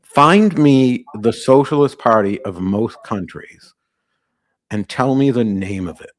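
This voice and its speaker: A man's voice: mid-range voice, expressive, takes it slowly. Brash, rambling male podcast host. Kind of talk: live call-in podcast chat.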